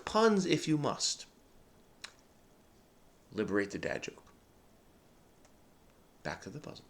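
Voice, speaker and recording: A middle-aged man talks through a crossword as he solves it. His voice sits at an ordinary middle pitch, and he is relaxed and playful, breaking off for jokey asides. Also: moderate pace, pauses often. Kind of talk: casual solo crossword commentary.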